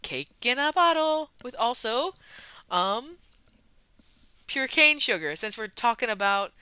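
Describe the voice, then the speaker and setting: A woman's voice: a little high, big pitch swings, a little slow, pushed and bright, smooth, no room sound. A woman hosting a soda review vlog, telling a casual history with wry asides and frequent ums and uhs.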